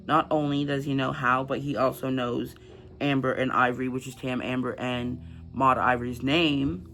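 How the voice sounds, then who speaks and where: A man's voice: medium pitch, steady tone, moderate pace, fairly bright tone. A man casually recapping a novel's plot in a chatty, filler-heavy way. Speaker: book channel host. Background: background music.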